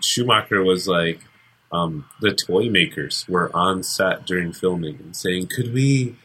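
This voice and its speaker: A man's voice: low-pitched, unhurried, sharp tone, husky. A man in casual chat, telling rambling stories with lots of fillers. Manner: rambling storyteller, many fillers and restarts.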